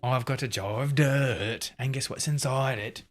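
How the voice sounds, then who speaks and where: Brief: man putting on a roguish pirate captain, drawling and theatrical, loud and a touch high, soft music behind. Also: unhurried, lightly acted. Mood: swaggering.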